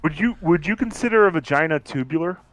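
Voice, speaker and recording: A man's voice: fairly high pitch, expressive, fast, a bit bright. A young man chatting with a friend during a game stream, teasing and making crude jokes. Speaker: stream co-host. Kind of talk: casual gameplay chat.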